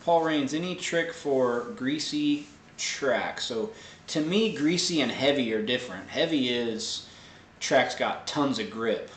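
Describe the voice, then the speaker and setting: A man's voice: medium pitch, slow pace, reverberant, slight background noise. Casual man hosting a tech Q&A. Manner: relaxed, filler-heavy, explanatory. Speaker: host answering viewer tech questions. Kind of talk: casual live Q&A.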